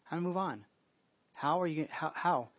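Male pastor, rapid informal sermon delivery that keeps restarting phrases, dry close recording. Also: a little high, no room sound, lo-fi sound. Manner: informal, restarts phrases, asks the listeners questions. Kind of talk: conversational sermon.

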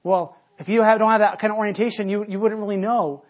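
Brief: male pastor, conversational storyteller, stumbles and restarts, husky tone, dull recording. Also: high-pitched, steady tone, fast. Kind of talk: sermon.

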